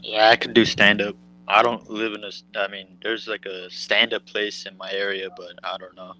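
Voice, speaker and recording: A man's voice: on the low side, little pitch movement, moderate pace, sharp tone, low-quality recording. A young man in a heated online debate, casual and brash, laughing at the others.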